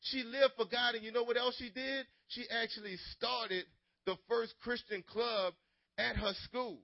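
Man, youth pastor, sermon, call-and-response, high voice, dull lo-fi recording. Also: unhurried, dry recording. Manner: energetic, call-and-response preaching; dramatic storytelling, swings from loud to hushed. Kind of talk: sermon to teenagers.

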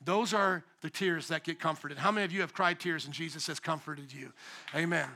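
A high-pitched male pastor delivering a sermon with a bright, forceful tone. He swings from loud, emphatic bursts down to quiet, low asides. He sounds like the father of young children. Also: brisk. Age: young adult to middle-aged, a parent of young children.

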